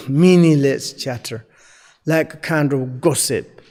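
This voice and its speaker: A man with a slightly high voice teaches Buddhist Dharma, speaking slowly in non-native English. He stops often with fillers as he searches for the right words. His voice carries a long hall-like reverb. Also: darkish tone.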